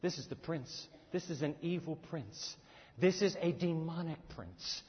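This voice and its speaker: A man preaching a sermon, dramatic, acting out the scripture characters in lively bursts. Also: fairly high pitch, a little slow. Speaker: pastor. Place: church sanctuary. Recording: muffled hall recording with long reverb.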